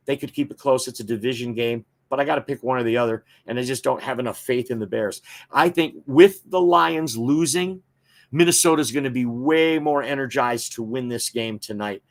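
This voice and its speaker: A man hosting a football talk show, giving fan opinions and reading viewer comments in a casual, chatty way with frequent filler words. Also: mid-range voice.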